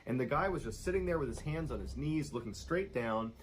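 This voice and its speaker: A man narrating a true-crime style scary story in a steady, suspenseful storytelling manner. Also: medium pitch, brisk, a little hiss or hum, low-quality recording.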